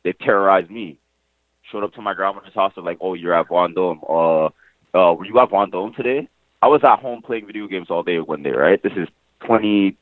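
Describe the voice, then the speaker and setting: A young man from Montreal speaks in casual, emphatic slang, repeating phrases for weight and swearing now and then. His voice sits a bit low. It comes through a thin, phone-like line with no room sound. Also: no echo. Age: young adult. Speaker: interviewee, nephew of the deceased. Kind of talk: casual, heartfelt storytelling.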